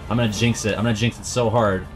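A man streaming a video game, joking and swearing in excitable live commentary. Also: on the low side, fast talker, faint music behind.

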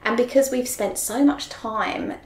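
A woman's voice: fairly high pitch, unhurried. A woman, a mother, speaking as a guest in a casual interview. She talks animatedly and laughs often. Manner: animated, laughs often, acts out quoted voices. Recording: roomy echo.

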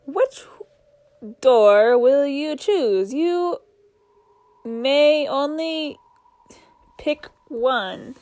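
A woman voicing a slow, ominous voice in a game, drawing out her words. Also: high voice, expressive, a little mellow, no room sound, full character voice. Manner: drawn-out, looming.

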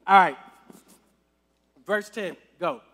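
High-voiced man preaching in an echoing hall. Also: slow pace, fairly bright tone. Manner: conversational, checks in with the crowd often. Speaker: youth minister. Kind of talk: casual youth sermon. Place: church service hall. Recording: long reverb in a hall.

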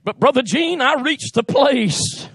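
A preacher in full fervor, a man shouting his sermon in a very high, gravelly voice that turns husky at the edges. His fast bursts break up on drawn-out "uh"s, and the sound is close and dry. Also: animated, no echo. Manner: shouting, fervent, frequent "uh" between phrases. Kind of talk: Pentecostal sermon. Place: church sanctuary.

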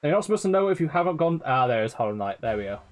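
A man's voice: a little high, sing-song, very fast, soft background music. A man streaming a game live, swearing often, laughing and teasing his chat. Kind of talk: live gameplay commentary.

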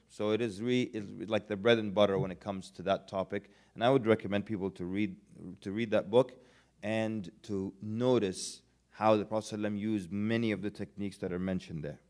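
A man delivering a relaxed, humorous religious lecture to students, chatting conversationally and acting out little everyday scenes. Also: on the low side. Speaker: Islamic lecturer.

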